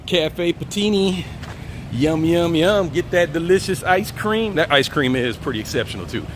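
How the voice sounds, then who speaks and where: A man hosting a casual walk-and-talk live stream outdoors, relaxed and chatty, reading the chat aloud and laughing often. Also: on the high side, normal speed, slight background noise. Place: outdoors on city streets, walking.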